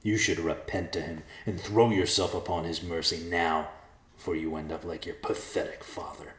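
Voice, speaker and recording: A man voicing a calm, menacing male zealot who speaks slowly and quietly. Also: low-pitched, echoey room. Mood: cold.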